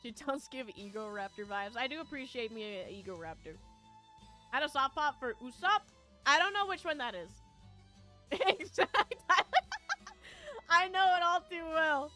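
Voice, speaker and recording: High, bright-voiced chatty woman streamer. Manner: chatty, laughs often, rambling with fillers. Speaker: VTuber streamer. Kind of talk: casual chat with viewers, storytelling.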